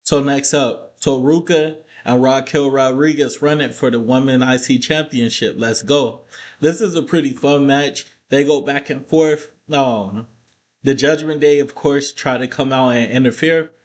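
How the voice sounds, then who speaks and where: A man's voice: mid-range voice, measured pace. A man recapping a wrestling show in a casual vlog, cursing freely and breaking into heated rants. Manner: profane, ranting, animated asides.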